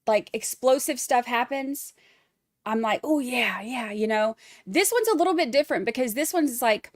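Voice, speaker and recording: A chatty middle-aged woman with a drawl hosts a casual livestream, thanking viewers and rambling with lots of fillers. Her voice sits a little high, and the sound is close and dry. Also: no room sound. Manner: chatty, reads viewer messages aloud, many fillers. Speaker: livestream host.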